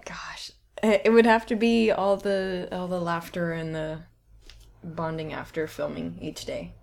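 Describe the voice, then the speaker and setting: A woman's voice: fairly low pitch, steady tone, creaky, a little mellow, slight background noise. A woman chatting casually in an interview about making a film, giggling often as she talks. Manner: giggly, chatty, quick to laugh. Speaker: filmmaker interviewee.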